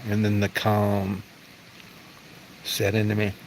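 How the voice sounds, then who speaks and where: A middle-aged man hosts a casual livestream, talking straight to his viewers in a rather low voice. He is blunt and profane and wanders from one thought to the next. A faint hum of noise sits behind him. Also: monotone, takes it slowly, vocal fry, low-quality recording. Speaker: livestream host.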